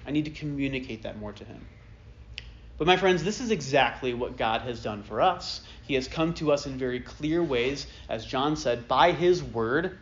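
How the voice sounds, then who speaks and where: A man's voice: mid-range voice, animated, normal speed. Chatty preacher man, lo-fi recording. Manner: conversational, self-deprecating storytelling with frequent "like" and "right?". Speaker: pastor. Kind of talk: sermon. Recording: dull lo-fi sermon recording.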